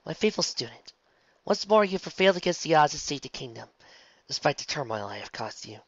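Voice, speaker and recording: A man voicing a remorseful, regal female pony princess, speaking in a soft, measured way. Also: fairly high pitch, sing-song, dry recording, voice pushed up, full character voice. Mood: solemn. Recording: dull lo-fi, dry.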